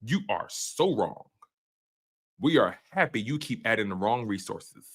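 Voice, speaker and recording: A man doing a low, grumbling impression of a smug male football fan reading out a comment. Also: animated, unhurried, husky. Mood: mocking.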